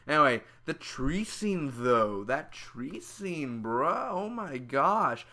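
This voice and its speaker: A young man giving a casual, loud and excitable spoiler review, full of slang, who acts out the scenes with high squeals and screams. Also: takes it slowly. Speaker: movie reviewer.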